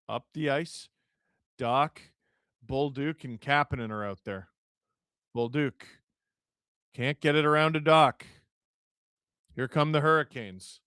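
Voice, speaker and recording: A man, hosting a live hockey watch-along, calling the play and reading chat with jokes and shouts at big moments. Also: mid-range voice, dry recording, clean studio sound. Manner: excitable, shouts at big plays, jokey.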